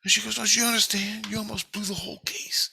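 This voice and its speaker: A bossy grown daughter scolds and swears in a high, sharp voice, as a man puts her on while telling his story. Her tone is tense and bright, close and dry. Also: level tone, fast talker, creaky, slightly rough, dry recording, heavily acted. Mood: scolding.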